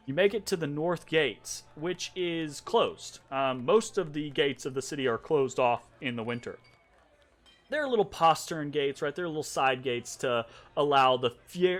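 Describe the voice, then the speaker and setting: A man's voice: a little high, fairly bright tone. A man narrating a tabletop game as game master in a casual, rambling way, full of ums and checks of "right?".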